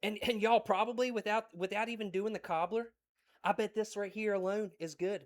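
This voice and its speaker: An excited man from West Virginia with an Appalachian accent, chatting folksily on a cooking livestream. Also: sits high, a little fast. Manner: folksy and exuberant, repeats phrases.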